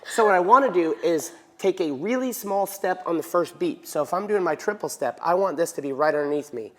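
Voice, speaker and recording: A male dance teacher with a high-sitting, animated voice leads an instructional lesson at a fairly quick pace. He counts beats aloud and keeps checking in with "right?", his words echoing with hall reverb.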